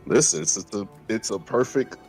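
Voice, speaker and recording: A man's voice: on the low side, expressive, normal speed, darkish tone, soft background music. A man casually telling stories while gaming on a stream, laid-back and profane, laughing often. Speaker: streamer co-host.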